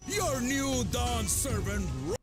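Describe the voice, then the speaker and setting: A drawling Southern cowboy. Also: male voice, extremely high pitch, animated, slow pace, faint music behind, heavily acted. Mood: confrontational. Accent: American Southern. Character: gruff confrontational Western cowboy man. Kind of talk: video game cutscene dialogue.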